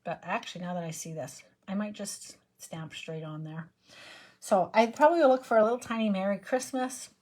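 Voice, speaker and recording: A woman's voice: mid-range voice, a little mellow, slightly rough. A woman hosting a card-making livestream, chatting casually and humming to herself as she stamps and colours. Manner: chatty, rambling, hums and sings to herself while working. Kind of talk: casual crafting livestream chat.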